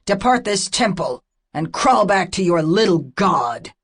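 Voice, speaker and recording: A woman reading the lines of a stern half-orc warrior in an audiobook, speaking in forceful, commanding proclamations. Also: fairly low pitch, big pitch swings, measured pace, breathy edge, heavily acted.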